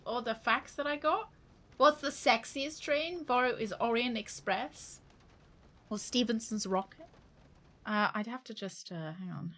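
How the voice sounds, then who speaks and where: A woman's voice: on the high side, a little slow, a bit bright. A woman streaming a video game, joking, giggling and thinking aloud as she plays. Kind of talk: casual gameplay commentary.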